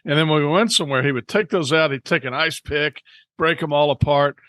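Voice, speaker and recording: A man's voice: a little high, brisk, fairly bright tone, no room sound. A man co-hosting a homebrewing podcast, explaining things and telling stories in easygoing, casual chat. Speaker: podcast co-host.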